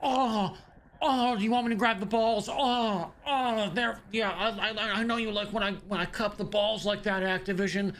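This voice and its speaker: A man's voice: high voice, steady tone, moderate pace, a bit bright, a little hiss or hum. A man putting on the voice of a whiny, simpering gamer who begs a game publisher in a mocking tone.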